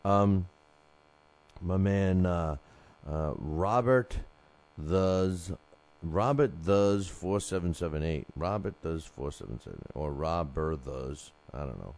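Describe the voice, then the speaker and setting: A man with a low, dark, mellow voice hosts a solo boxing show. He rambles casually, stumbling through fillers and restarts while he reads out listener emails. His delivery stays loose and conversational. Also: lively intonation, slow, clear, resonant tone. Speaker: boxing podcast host.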